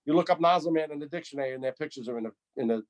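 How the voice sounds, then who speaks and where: A man's voice: fairly high pitch, very fast. Man in his sixties telling a fire story. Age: 60s. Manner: animated, repetitive storytelling. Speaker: retired firefighter. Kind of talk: storytelling interview.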